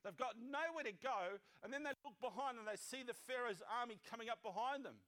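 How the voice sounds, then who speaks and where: Man, pastor, sermon, high-pitched, bright tone, conversational asides. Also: brisk. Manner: conversational, jokey asides, acts out voices.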